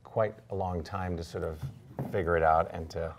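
Actress, extremely deep voice, relaxed question reader. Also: female voice, moderate pace, noisy background. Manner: easygoing, relaxed, reads out audience questions. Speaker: musical theatre actor reading questions. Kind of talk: casual Q&A chat.

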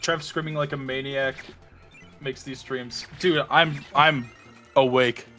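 A man's voice: mid-range voice, fairly even intonation, slow pace, bright, forceful tone, faint music behind. A man racing a game on a live stream, joking, laughing and swearing with his friends. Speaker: speedrunner. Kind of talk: casual live-stream banter.

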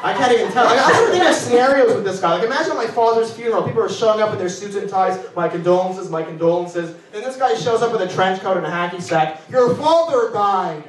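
A man with a high voice does a brash, swearing stand-up set full of family stories. He sounds distant from the mic in a very echoey room. A crowd is clearly heard around him. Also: fast talker, hardly any pauses. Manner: brash storytelling, swearing, acting out relatives. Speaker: stand-up comedian guest. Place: live venue with audience.

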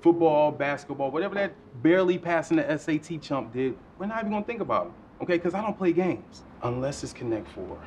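An actor playing a smooth-talking middle-aged flirt. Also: male voice, a little high, expressive, a little fast, hardly any pauses, slight background noise, close to an everyday voice. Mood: smooth, flirty. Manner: smooth, earnest flirting, drops to hushed tones.

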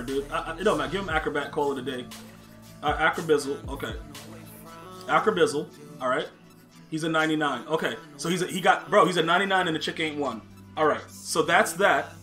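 A man's voice: a little high, sharp tone. A man streaming a football video game live, talking brashly and casually to his chat, full of slang and trash talk. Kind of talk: live-stream gaming commentary.

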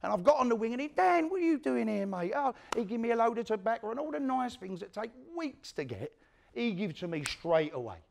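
An actor playing an older East London career criminal, telling a prison story in a one-man stage monologue with an East London accent. He swings between loud quoted lines and a low hush. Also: very animated, fairly quick, creaky, a little hiss or hum, exaggerated voice. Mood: storytelling.

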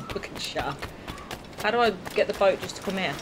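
Chatty streamer with lively pitch. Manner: chatty, swearing, quick asides and laughs. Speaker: gaming streamer. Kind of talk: let's-play commentary. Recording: noisy game audio behind voice.

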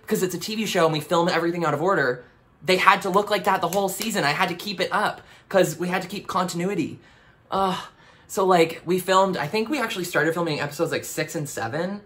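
A young Canadian man, speaking with a Canadian accent and a somewhat high voice, reacts to his old TV show. His commentary is casual, animated and self-mocking.

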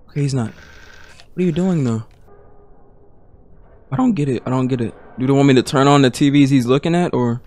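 A man's voice: mid-range voice, brisk, pauses often, a little mellow. A young man streaming a horror game, talking to himself and his chat in nervous, slangy bursts. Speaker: gaming streamer.

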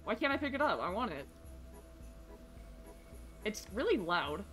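A woman streaming a game from her basement, chatty and excitable, with game music behind her. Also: mid-range voice, measured pace. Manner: excitable, chatty, bursts into shrieks and laughter. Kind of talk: casual gameplay streaming. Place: home basement.

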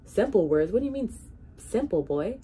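A woman's voice: medium pitch, sing-song, moderate pace, warm tone, a little hiss or hum, voice pushed up, lightly acted. A woman reading a storybook aloud, voicing a proud, blustering old king with a pompous, commanding manner. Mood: indignant bellowing. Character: proud, blustering old king, mighty ruler turned helpless.

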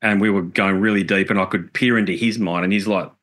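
Middle-aged man, very low voice, earnest and reflective, swears casually; interview guest. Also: fairly even intonation, quick pace, a bit bright. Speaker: podcast guest, musician.

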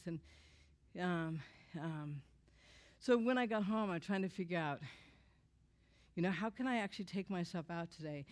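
Woman telling a raw personal testimony. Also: mid-range voice. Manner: expressive, with sharp swings between loud outbursts and hushed lines; candid and self-mocking, with quick asides to the listeners. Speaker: speaker giving a personal testimony. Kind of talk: emotional storytelling to an audience.

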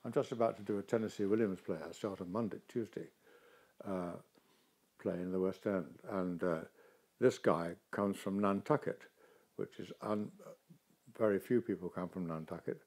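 A man's voice: sits low, moderate pace. An older man, an actor, talking in a casual interview and telling stories expressively. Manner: expressive, animated storytelling.

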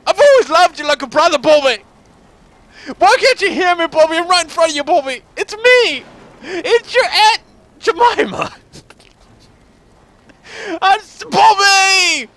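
A man putting on a frantic, desperate voice, shouting and dragging out his pleas to a friend. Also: extremely high pitch, lively intonation, unhurried, pauses often, voice pushed up, exaggerated voice. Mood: desperate pleading. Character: frantic shrieking person pleading for Bobby.

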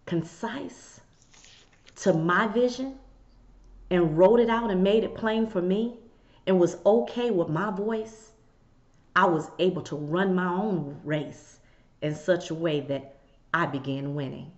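Woman, motivational message, low voice, very slow, deliberate, dull lo-fi sound. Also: darkish tone. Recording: dull lo-fi audio.

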